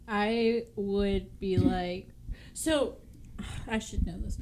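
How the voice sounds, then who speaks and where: A woman co-host throwing in jokes and quick reactions in casual chat. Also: medium pitch, fairly even intonation, darkish tone. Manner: jokey interjections, reacts with gasps and laughs. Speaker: podcast co-host.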